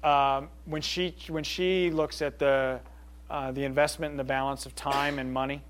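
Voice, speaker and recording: A middle-aged man leads a group session in an informal talk, fielding audience questions loosely and conversationally. His medium-pitched voice is flat, his pace moderate, and he earnestly checks in with listeners often.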